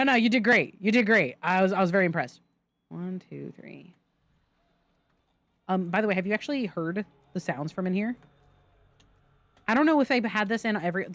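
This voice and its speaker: Chatty young woman streaming a game. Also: lowish voice. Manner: chatty, giggly, thanks chat excitedly. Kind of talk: live gameplay commentary.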